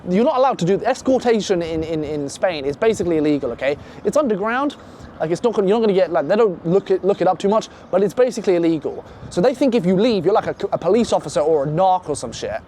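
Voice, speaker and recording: A man's voice: sits high, quick pace, a little hiss or hum. Man telling a wild story outdoors. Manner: animated, profane, acts out quoted voices. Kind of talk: casual spoken storytelling.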